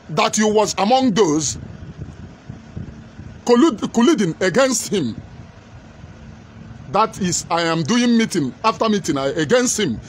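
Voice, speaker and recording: A man's voice: sits high, slight background noise. A man giving an emphatic, repetitive political commentary monologue.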